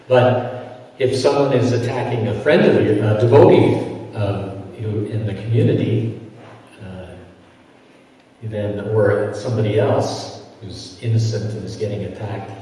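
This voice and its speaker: An older man tells stories during a scripture class, with a relaxed, chuckling manner. He sounds far from the microphone in a big echoing hall with a long reverb tail, and the room's ambience hums faintly behind him. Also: fairly low pitch, measured pace, slight background noise. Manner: chuckling, animated storyteller acting out quotes. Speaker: class speaker. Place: temple hall. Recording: echoey hall from a distance.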